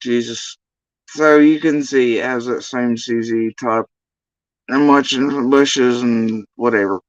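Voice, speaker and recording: A man's voice: medium pitch, fairly even intonation, slow pace, dry recording, dull audio. A man ranting on a livestream in an exasperated, profane, rambling way. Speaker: livestream commentator.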